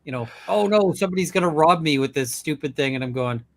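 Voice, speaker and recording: A man's voice: a little high, animated, fast, hardly any pauses. A man co-hosting a casual live stream, rambling through stories and mimicking other people's reactions. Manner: rambling, quotes people in mock voices.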